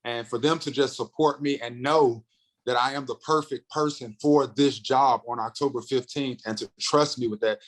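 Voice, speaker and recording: A North Carolina man in his thirties, a comedian and radio host, appears as a podcast guest telling stories in a casual interview. His medium-pitched voice is lively and animated, rushing in fast bursts when he gets excited as he acts out the voices of people in his tales. The recording quality is low.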